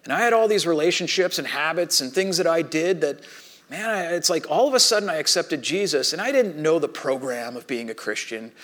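A man's voice: fairly high pitch, expressive, brisk, a bit bright. A middle-aged man preaching a sermon as pastor, in a conversational storytelling manner that acts out the quoted dialogue.

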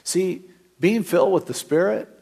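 A middle-aged man preaching a sermon as pastor, telling stories and acting out the dialogue in lively voices. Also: high voice, moderate pace, gravelly, husky.

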